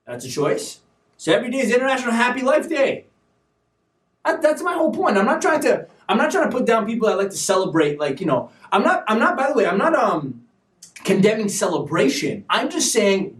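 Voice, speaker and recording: A man hosting a live stream show, talking in an animated, preachy way with sudden loud bursts. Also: high-pitched, quick pace, roomy sound, distant mic. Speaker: show host. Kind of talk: energetic live-stream talk.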